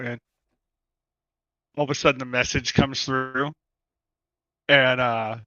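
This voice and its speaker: A man narrates his character's actions at a tabletop game in a bright, forceful voice. He talks in a loose, halting way, with plenty of fillers. The mic sounds dry and a little muffled. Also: mid-range voice, flat delivery, no room sound. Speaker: player.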